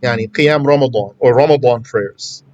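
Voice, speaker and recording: A man's voice: medium pitch, normal speed, a little mellow, dry recording, dull audio. A man teaching a casual religious lesson, talking conversationally and repeating his points for emphasis. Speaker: Islamic teacher.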